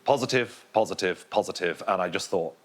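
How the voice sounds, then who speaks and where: A man, a comedian, telling a rambling story in an animated stand-up routine. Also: sits low, a little fast. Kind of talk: stand-up routine on a panel show.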